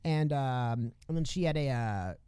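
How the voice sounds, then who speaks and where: A man co-hosting a casual political podcast, talking quickly with sarcastic asides. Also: mid-range voice, lively intonation, mellow, clear, resonant tone, no echo. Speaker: podcast co-host.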